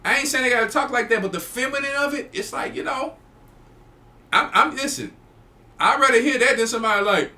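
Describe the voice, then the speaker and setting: A man's voice: sits high, lively intonation, fairly quick, sharp tone. A man, a church elder hosting a show, preaching emphatically and repeating phrases. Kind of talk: preaching talk to a live audience.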